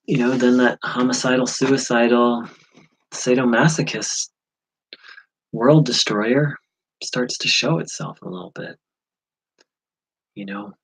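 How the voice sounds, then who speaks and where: A man from the USA talking through a personal spiritual insight, halting, with many fillers and restarts. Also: medium pitch, vocal fry, slightly rough, poor audio. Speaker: spiritual teacher. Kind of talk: reflective spiritual vlog.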